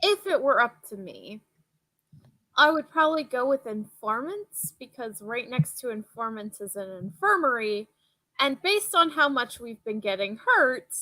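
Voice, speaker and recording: A woman player in casual table banter, joking in a dry, deadpan way. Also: a little high, a little slow, poor audio.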